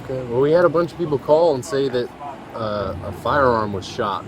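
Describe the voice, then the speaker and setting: A man's voice: mid-range voice, expressive, fairly quick. A man working as a police officer, asking a complainant short, direct questions outdoors by a road. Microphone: body camera. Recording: noisy outdoor body cam audio.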